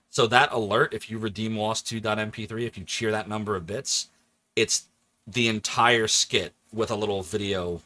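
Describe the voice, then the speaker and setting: A man in his forties from the Philadelphia area, chatting animatedly and laughing often while streaming a game. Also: lowish voice. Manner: animated, chatty, laughs often, jumps between joking voices. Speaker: livestreamer. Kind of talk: casual let's-play chat.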